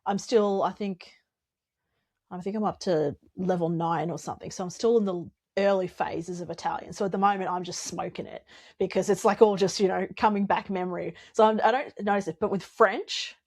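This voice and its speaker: A woman's voice: mid-range voice, steady tone, fairly quick, darkish tone. An Australian woman, an author and podcast co-host, chatting casually, rambling and laughing often. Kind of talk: casual chat.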